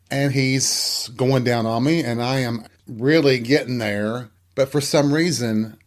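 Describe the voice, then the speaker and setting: Middle-aged male host, frank and candid, telling personal stories casually at an average pitch. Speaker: podcast host.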